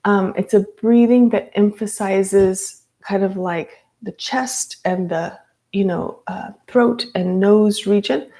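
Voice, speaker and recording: A woman's voice: mid-range voice, takes it slowly, mellow. A woman teaching a live yoga class, chatty, with frequent ums and light laughs.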